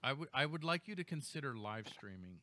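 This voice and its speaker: Male podcast host, very expressive bright voice, dry close sound, jokey banter. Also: mid-range voice, a little fast. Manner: animated, jokey, swings between loud and mumbled asides.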